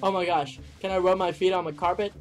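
A gaming YouTuber giving goofy, excitable let's-play commentary. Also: mid-range voice, fast talker, soft background music.

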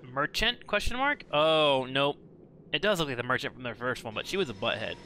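A man riffing through a co-op game session, yelping and joking as things go wrong. His pitch swings widely and a clear hiss of noise sits under his mic. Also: a little fast. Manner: jokey, excitable yelps and laughs. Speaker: co-op let's play gamer. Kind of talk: casual game commentary.

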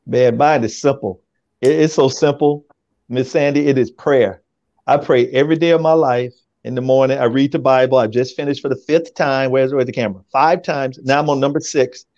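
A man talking casually as a guest on a talk show, using his natural, relaxed speaking voice and laughing easily. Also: mid-range voice, moderate pace, dry recording, lo-fi sound. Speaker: radio program director, guest.

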